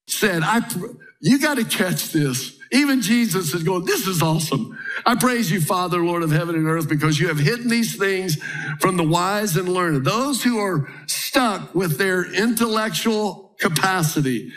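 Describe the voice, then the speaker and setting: A male pastor, preaching an animated sermon and acting out the voices of the people in the story he reads. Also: rough recording. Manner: animated preaching, acting out quotes with pitch jumps.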